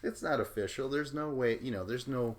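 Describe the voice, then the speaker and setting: A man's voice: mid-range voice, a little fast. A man hosting a podcast, rambling casually through a recap and swearing offhandedly. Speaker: podcast host.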